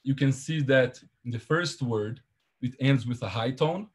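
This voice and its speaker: A man giving an academic seminar presentation over a video call, walking through his slides step by step in a measured, explanatory way. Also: medium pitch, husky.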